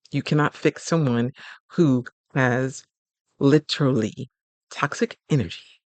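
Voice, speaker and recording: A man's voice: mid-range voice, steady tone, takes it slowly, dry recording. Chatty man giving relationship advice. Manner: chatty, acts out little scenes in quoted voices; loose, colloquial phrasing. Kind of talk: casual advice talk.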